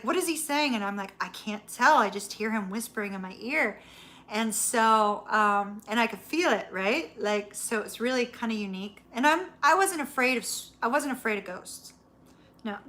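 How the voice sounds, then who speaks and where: Bright, laughing woman telling a story. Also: fairly high pitch. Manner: laughs often, swears casually. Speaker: tarot reader, channel host. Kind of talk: casual storytelling chat to live viewers.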